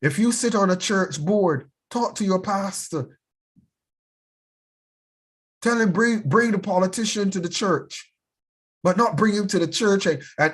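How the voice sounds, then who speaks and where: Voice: medium pitch, breathy edge. A bishop addresses a youth class in an urgent, sermon-like style. The speaker presses each point hard, often repeating words before pushing on. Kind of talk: impassioned sermon-like teaching.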